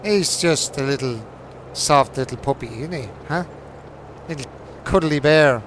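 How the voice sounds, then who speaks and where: While playing a farming game on his livestream, the host banters with his viewers, joking, teasing, laughing a lot and cursing without restraint. He speaks at medium pitch and a measured pace over a faint hiss or hum.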